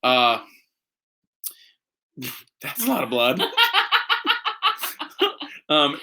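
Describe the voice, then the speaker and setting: A man's voice: a little high, very animated, very slow, long pauses, sharp tone. A man hosting a casual live stream from home, tipsy from drinking, rambling and joking with lots of fillers. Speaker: host.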